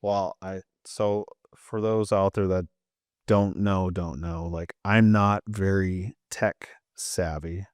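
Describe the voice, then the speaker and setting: A man's voice: sits low, fairly even intonation, slow pace, dry recording, clean studio sound. A man with a Canadian accent co-hosting a podcast in casual chat, rambling along with many fillers and restarts. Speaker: podcast co-host and mindset coach.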